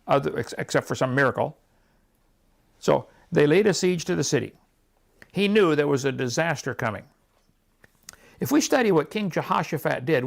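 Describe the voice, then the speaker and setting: A man preaching a sermon, telling stories and acting out prayers in an animated way. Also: fairly high pitch, creaky. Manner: animated storytelling, acts out prayers and quotes.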